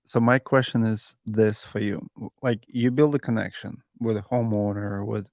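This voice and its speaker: A man's voice: fairly low pitch, steady tone, a little mellow, no echo, clean studio sound. Man hosting a podcast. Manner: asks questions, drops articles, halting. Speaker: podcast host. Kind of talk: casual podcast interview.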